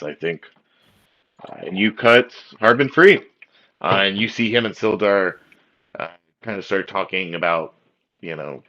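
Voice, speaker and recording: A man's voice: sits low, bright, forceful tone. A man narrating a tabletop game as game master, in a casual way full of fillers. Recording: dull lo-fi audio.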